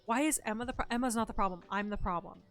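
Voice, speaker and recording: A woman live-streaming from home, chatting in a self-mocking way as she plays and sometimes yelling loudly at the customers in the game. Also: mid-range voice, racing, soft background music. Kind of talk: casual live-stream commentary while gaming.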